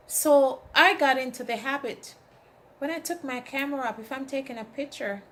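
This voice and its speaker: A high-pitched woman, a motivational speaker, delivers an inspirational talk at a moderate pace. She speaks emphatically, asks the audience "right?", and tells animated stories with acted-out quotes.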